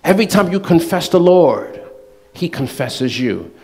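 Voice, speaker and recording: Male preacher, high voice, lively and playful in delivery. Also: measured pace. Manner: animated, playful, acts out quoted voices with laughter. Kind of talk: sermon.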